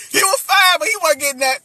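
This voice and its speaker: A woman pastor telling a story in a lively, chatty way on a livestream, with sound effects and preachy asides. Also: very high voice, very noisy.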